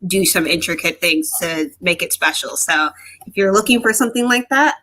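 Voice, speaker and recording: A woman's voice: on the low side, moderate pace. A woman poet and author speaking as an interview guest, telling stories with energy and acting out the voices in them. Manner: animated storyteller who acts out quoted voices. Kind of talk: conversational interview.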